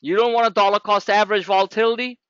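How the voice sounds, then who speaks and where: A man's voice: high voice, fairly even intonation, fast, a bit bright, clear, resonant tone, no echo, highs cut off. A man teaching a live trading class in a blunt, sarcastic, scolding way. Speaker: trading educator.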